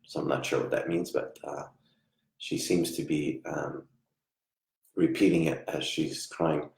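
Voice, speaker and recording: A man giving a live online psychic reading, soft-spoken and halting, often trailing off quietly. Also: very deep voice, steady tone, gravelly. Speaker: psychic medium. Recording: echoey room.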